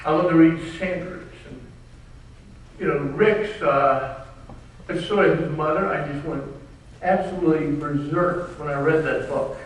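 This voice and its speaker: A man's voice: a little high, measured pace. An older man with a Southern US accent, an author telling stories to an audience in an emphatic, wry way. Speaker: author giving a talk. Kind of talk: storytelling talk to an audience. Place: large room at a bookstore event. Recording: very echoey room, distant mic.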